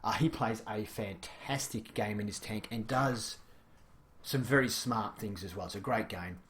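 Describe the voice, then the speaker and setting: A man's voice: fairly low pitch, a little slow, fairly bright tone. A man hosting a casual game review, chatty and explanatory, with frequent fillers.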